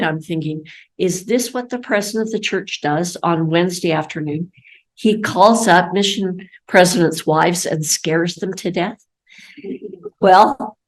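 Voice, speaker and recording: An older woman giving a storytelling talk, lively and acting out the voices of people she quotes. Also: lowish voice, low-quality recording. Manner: animated, acts out quoted voices. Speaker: guest speaker.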